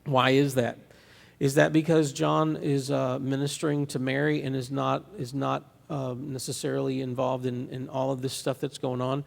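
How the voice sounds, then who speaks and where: A man preaching a sermon in a casual, conversational way, often restarting his sentences and pausing on fillers. His mid-range voice has a gravelly edge. The sound carries a long reverb from the large church hall around him. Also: mid-range voice, flat delivery. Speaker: pastor. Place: church sanctuary.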